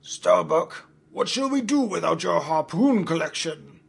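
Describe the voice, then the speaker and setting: A man voicing a giddy old sea captain who is obsessed with whales, shouting with glee. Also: a little high, steady tone, moderate pace, vocal fry, slightly rough, full character voice. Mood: calling out. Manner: loud, gleeful shouting.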